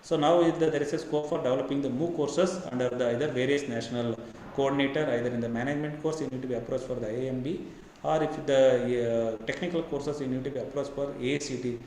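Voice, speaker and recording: A male professor with an Indian English accent, giving an online lecture in a rapid, halting way, full of fillers and repeated "then again". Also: medium pitch, steady tone, darkish tone. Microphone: webinar computer mic. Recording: very echoey room, faint background hiss.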